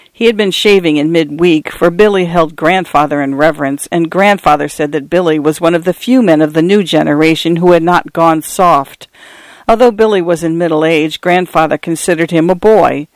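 A man narrates an audiobook in a steady, even storytelling manner. His voice sits a little higher than most men's. The recording is close and dry with no room echo. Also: normal speed. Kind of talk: audiobook reading.

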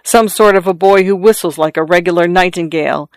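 A reader voicing a skeptical old man who teases and philosophizes, in a dry, clear studio recording. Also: mid-range voice, a little fast, no room sound, close to an everyday voice. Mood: grumbling. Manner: wry, philosophizing, teasing.

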